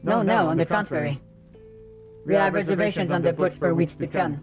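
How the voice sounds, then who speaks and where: A man's voice: high voice, fairly quick, music in the background, lightly acted. A man reading aloud the lines of a proud, weary woman restaurant chef from a game, earnest and sighing.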